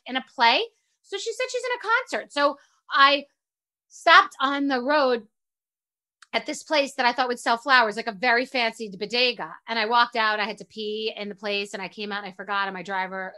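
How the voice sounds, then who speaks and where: A woman podcast host telling stories in a rambling, animated, self-deprecating way and swearing freely. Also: high-pitched, brisk. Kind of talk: casual storytelling monologue.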